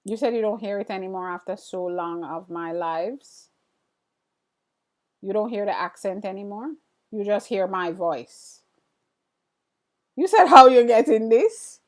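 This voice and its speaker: A woman's voice: mid-range voice, unhurried. A middle-aged woman hosting a live stream, chatting casually and answering viewer comments as they come in. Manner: relaxed, chatty, addresses viewers directly. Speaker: livestream host. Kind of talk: casual livestream chat, reading viewer comments.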